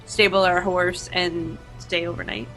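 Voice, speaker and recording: A woman's voice: lowish voice, little pitch movement, a little slow, a bit bright, faint music behind. A woman playing a tabletop game, chatty and easygoing. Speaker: player. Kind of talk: casual tabletop game play.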